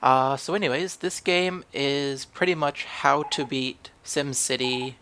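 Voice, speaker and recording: A man's voice: mid-range voice, steady tone, unhurried, fairly bright tone, a little hiss or hum. A young man casually narrating a strategy game match he recorded, rambling and questioning his own moves as he goes. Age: young adult. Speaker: gaming channel host. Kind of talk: gameplay commentary.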